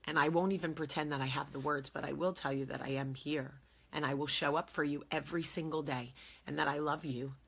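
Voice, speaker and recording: A woman in her forties speaks straight to her viewers with earnest conviction and often repeats her key phrases for emphasis. Her voice is husky and slightly rough, yet it carries a bright, forceful edge. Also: deep voice, steady tone, a little fast. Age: 40s. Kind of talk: heartfelt casual talk to camera.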